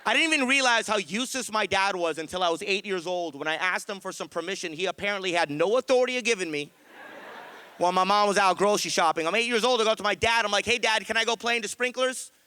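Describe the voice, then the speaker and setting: A man's voice: high voice, fast talker, clean tone. A man doing a stand-up comedy set, telling stories animatedly and acting out his parents. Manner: animated storytelling, acting out his mom and dad.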